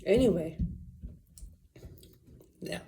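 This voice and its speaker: A woman's voice: lowish voice, extremely slow, creaky, dark tone. A woman telling a rambling personal story in a casual, profane way, full of fillers and asides. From Las Vegas area, USA.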